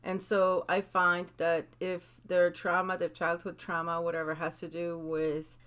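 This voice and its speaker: A woman on a discussion panel, animated, acting out quoted scolding voices as she makes her point. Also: lowish voice, a little slow, few pauses, clean tone.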